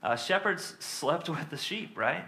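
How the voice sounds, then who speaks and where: A man's voice: a little high, expressive, unhurried, gravelly, pushed and bright. A man preaching a sermon in a conversational teaching manner, with frequent fillers and tag questions.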